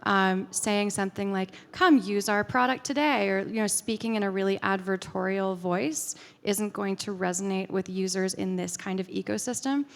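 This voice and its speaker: A woman's voice: medium pitch, steady tone, moderate pace, few pauses. A woman speaker at a conference, answering audience questions in a casual, chatty way with lots of fillers. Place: conference hall. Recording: reverberant conference hall.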